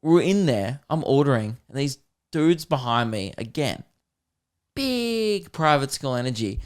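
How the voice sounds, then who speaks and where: An Australian man hosts a comedy podcast and tells rambling stories. He talks in a casual, animated way at an ordinary male pitch. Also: unhurried, clear, resonant tone. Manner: rambling, animated, slips into voices.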